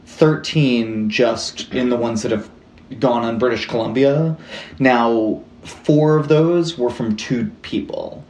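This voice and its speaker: Young male podcast co-host, mid pitch, rambly casual storyteller, roomy sound. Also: slow pace, darkish tone. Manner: rambling, lots of "like" and restarts, swears casually. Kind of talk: casual chat, true-crime storytelling.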